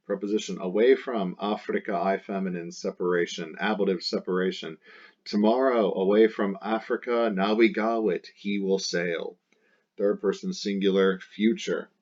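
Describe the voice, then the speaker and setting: A man teaching a Latin lesson, translating a poem line by line, patient and deliberate, sometimes reading lines with dramatic feeling. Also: fairly low pitch, highs cut off. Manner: slow, patient, breaks into dramatic emotional readings of the text.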